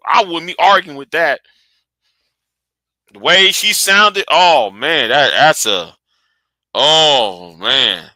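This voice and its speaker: Brief: bright, expressive male commentator, rambling and close-miked, dry sound. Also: a little high, slow pace, long pauses, no room sound. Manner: animated, rambling, restarts, drops to mutters. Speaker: commentary host. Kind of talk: casual commentary.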